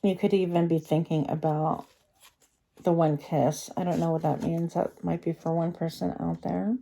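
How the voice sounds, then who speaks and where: A woman's voice: sits low, little pitch movement, moderate pace, vocal fry, dark tone, a little hiss or hum. A woman giving a pick-a-card tarot reading, chatty and rambling, thinking aloud with many fillers and slightly slurred speech from a retainer.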